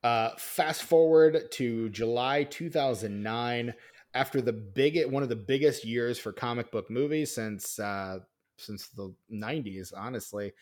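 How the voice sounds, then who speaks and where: A man's voice: medium pitch, unhurried. Rambling man hosting a film podcast. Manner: rambling, filler-heavy, reads notes. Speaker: podcast host. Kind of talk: casual film podcast chat.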